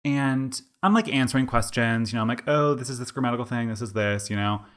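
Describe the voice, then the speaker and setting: Medium-pitched and quick, a man in his twenties co-hosts a podcast and tells a wandering story in relaxed conversation. He's animated and says "like" over and over.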